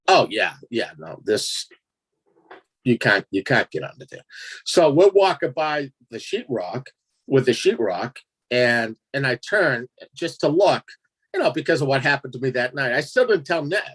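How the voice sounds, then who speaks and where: A man telling a strange personal story in a casual interview, animated and laughing as he acts out his own reactions. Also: mid-range voice, normal speed, husky. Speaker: guest storyteller.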